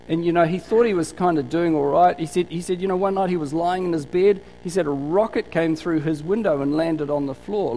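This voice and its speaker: Male NZ preacher, gravelly edge, chatty storytelling sermon, rhetorical questions. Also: a little high, a little mellow, a little hiss or hum, rough recording. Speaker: pastor.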